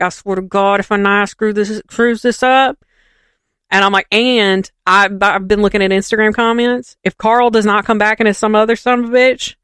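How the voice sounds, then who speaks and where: A woman co-hosts a casual podcast, gossiping animatedly and acting out every quote. Her voice is smooth and clear, recorded dry and close with no room sound. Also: medium pitch, a bit bright, dry recording. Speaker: podcast co-host. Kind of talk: casual chat.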